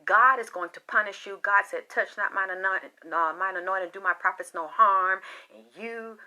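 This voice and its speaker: A harsh, self-righteous preacher mother scolds and threatens her children, as a woman puts her on. Her voice stays bright and cutting, close to the narrator's own. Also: medium pitch, moderate pace. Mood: scolding.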